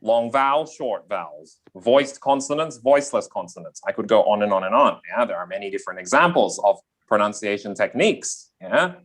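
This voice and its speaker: A man from Australia with a softened Australian accent, an English teacher explaining pronunciation in a live online class, often checking in with "yeah?". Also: fairly low pitch, animated, brisk, few pauses. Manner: explanatory, repeats key points, checks in with "yeah?".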